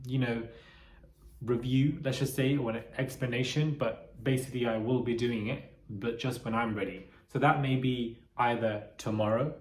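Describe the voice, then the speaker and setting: A man's voice: mid-range voice, darkish tone. Chatty opinionated man in an echoey room. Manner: chatty, opinionated, breaks into laughter. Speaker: commentary host. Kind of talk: casual reality-TV commentary.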